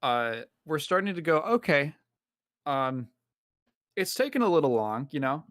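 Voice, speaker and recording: A man's voice: on the high side, big pitch swings, measured pace, fairly bright tone. A man hosting a gaming stream, rambling through a casual story with lots of fillers. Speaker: streamer host. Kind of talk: casual chat while gaming.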